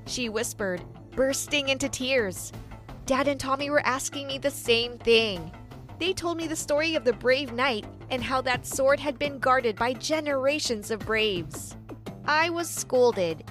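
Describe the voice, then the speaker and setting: High-voiced woman narrating a story. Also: fairly bright tone. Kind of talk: scripted first-person story narration.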